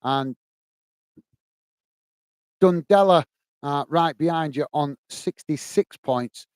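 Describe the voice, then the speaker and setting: A man chats casually on a livestream, a little higher-pitched than most men. His voice is smooth and clear, and the recording is dry and close with no room sound. He talks easily to his viewers and calls them mate. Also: slow, a little mellow, no echo. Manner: chatty, addresses viewers as mate; reads out chat comments. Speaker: livestream host.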